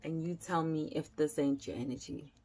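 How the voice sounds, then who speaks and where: A woman's voice: deep voice, moderate pace, darkish tone. A woman giving a casual tarot reading, chatty and slangy, swearing now and then. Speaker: tarot reader.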